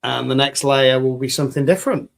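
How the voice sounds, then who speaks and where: A man from the United Kingdom talks fast in a creaky, medium-pitched voice. He's running a resin crafting livestream, casually reading viewer comments and bantering in an upbeat, joking tone.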